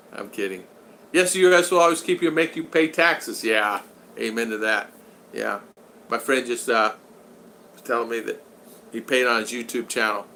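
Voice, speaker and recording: Bright-voiced man hosting a live chat. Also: mid-range voice, unhurried, long pauses, slight background noise. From United States. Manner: chatty, greets viewers by name, reads chat aloud. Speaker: vlogger hosting a live stream. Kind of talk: casual live-chat talk.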